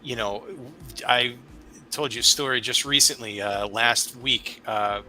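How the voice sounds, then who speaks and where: A man hosting a podcast, chatting casually and telling a rambling, animated story as a father. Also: mid-range voice, measured pace, a little hiss or hum, poor audio. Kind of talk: casual conversation.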